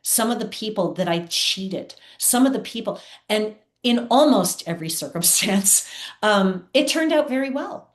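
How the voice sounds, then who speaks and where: Guesting on an interview show, a woman who works as a theatre producer tells candid personal stories with earnest feeling. She has an expressive mid-range voice and a measured pace, heard with roomy echo.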